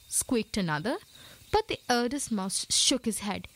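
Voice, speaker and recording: A woman narrating a children's story in an expressive, lively way. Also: mid-range voice, a little slow, low-quality recording.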